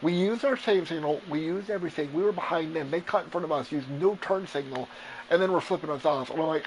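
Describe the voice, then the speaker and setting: Over flight-game gameplay, a male streamer rambles through a long story full of profanity, retelling it casually and with plenty of animation. He speaks quickly in a fairly high voice, and there's background noise.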